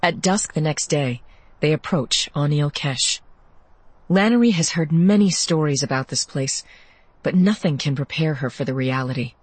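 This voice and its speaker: A woman reading an audiobook in measured scripted narration. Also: low voice, slightly rough, no room sound, poor audio.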